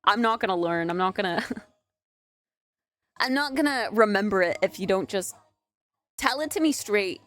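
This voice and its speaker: A woman's voice: mid-range voice, expressive, normal speed, long pauses, a bit bright, dry recording. A woman in her twenties, a streamer in casual live-stream chat, giggly and chatty with lots of "like". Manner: giggly, chatty, filler-heavy with "like".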